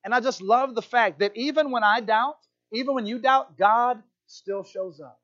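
Pastor, male, high voice, lively and joking, preaching in church, dull lo-fi recording. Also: moderate pace. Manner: animated, playful asides, keeps asking "right?". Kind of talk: sermon. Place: church hall.

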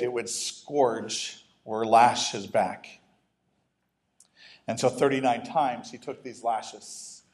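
A man's voice: medium pitch, a little mellow. A man preaching a sermon as a pastor, conversational, breaking off into humorous asides and restarts.

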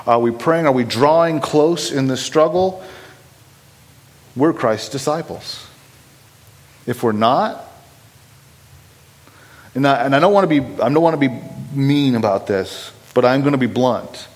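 A man's voice: mid-range voice, a little slow, long pauses, rough recording. A man preaching a sermon, blunt and impassioned, pressing his points with rising urgency.

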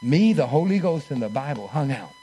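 A man's voice: medium pitch, big pitch swings, fairly quick, mellow, slightly rough, soft background music. A man preaching a sermon in church, telling a personal story and leading the congregation in call-and-response.

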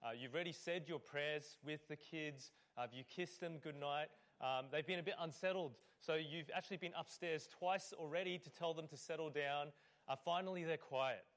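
Male lead pastor, somewhat high voice, relaxed conversational sermon style with ums. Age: adult parent. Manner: conversational, with fillers; acts out scenes. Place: church.

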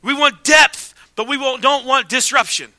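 Bright, high-voiced male preacher. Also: normal speed, dry recording. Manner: emphatic preaching with swings between loud and hushed. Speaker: pastor. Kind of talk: sermon.

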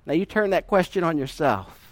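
High-voiced folksy preacher. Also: male voice, sing-song, no echo. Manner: folksy storytelling with laughter and emphatic drawn-out verses. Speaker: pastor. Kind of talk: sermon.

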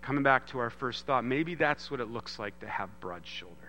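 A man in his thirties giving an earnest sermon, moving from loud emphasis to hushed storytelling. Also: medium pitch, expressive, fairly quick, long reverb tail, a little hiss or hum. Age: 30s. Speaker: pastor.

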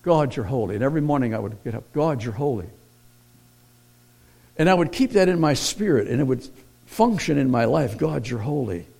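Animated preacher man, hushed to booming. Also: a little fast, gravelly. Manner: swings from hushed storytelling to loud emphatic preaching. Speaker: pastor. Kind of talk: sermon.

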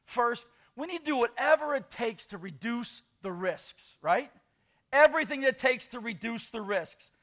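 A man's voice: extremely high pitch, expressive, normal speed, sharp tone. A man preaching a sermon as pastor, with sarcastic asides and quoted scripture.

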